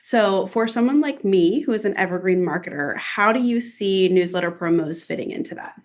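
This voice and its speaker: A woman's voice: mid-range voice, expressive, normal speed. A woman co-hosting a podcast about publishing who asks questions in a friendly, playfully sarcastic way. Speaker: podcast co-host and author. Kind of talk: casual podcast conversation.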